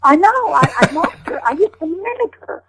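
An older woman being interviewed, telling lively stories and slipping into rough character voices. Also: extremely high pitch, fairly quick, low-quality recording. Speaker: guest. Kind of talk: storytelling interview chat.

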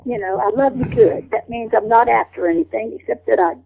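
An older woman being interviewed, telling lively stories and slipping into rough character voices. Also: on the high side, brisk, poor audio. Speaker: guest. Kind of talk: storytelling interview chat.

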